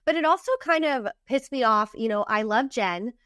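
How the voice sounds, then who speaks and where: A woman's voice: fairly high pitch, lively intonation, normal speed, a bit bright, clean tone, dry recording, clean studio sound. A woman co-hosting a casual recap podcast, talking in an indignant, emphatic way. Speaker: podcast co-host.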